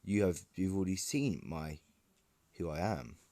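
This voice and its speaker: Guy voicing stiff formal talking armor suit, low voice, fan story. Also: expressive, measured pace, warm tone, no echo. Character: formal AI-run armor suit, male, commanding.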